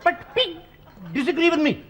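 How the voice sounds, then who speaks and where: A man's voice: extremely high pitch, expressive, normal speed, fairly bright tone. A man playing a cheerful Pakistani-Irish new factory worker, speaking broken English in a put-on Pakistani accent. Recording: muffled old TV recording with hiss.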